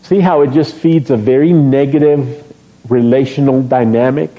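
Mellow-voiced man preaching a sermon. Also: medium pitch, normal speed. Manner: lively, joking with the congregation, asks questions. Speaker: pastor. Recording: dull lo-fi sermon recording.

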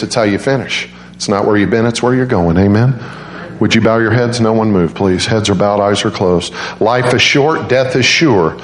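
Middle-aged male evangelist, fervent storyteller, mid-range voice, faint hum behind. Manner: impassioned storytelling, rising high when acting out emotional quotes. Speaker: preacher.

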